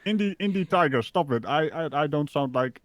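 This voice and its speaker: A man's voice: on the high side, animated, brisk, a loud crowd. A man, teasing and stammering through casual chat as a guest on a stream. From Netherlands.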